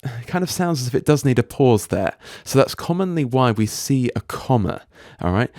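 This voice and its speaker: A man teaching a recorded writing lesson over slides, explaining patiently and reading example sentences aloud slowly and deliberately. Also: medium pitch, big pitch swings, a little mellow, no echo, studio quality.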